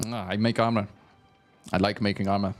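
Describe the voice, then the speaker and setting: A man voicing a huge burly woman blacksmith from the north, with a hammy mock Russian accent and a gruff, blunt manner. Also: on the low side, animated, normal speed, a little mellow, faint music behind. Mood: proud.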